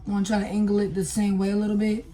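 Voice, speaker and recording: A young woman does a makeup tutorial as a beauty vlogger, chatting with viewers and using plenty of fillers. She speaks quickly in a warm, level, medium-pitched voice, with faint music behind her.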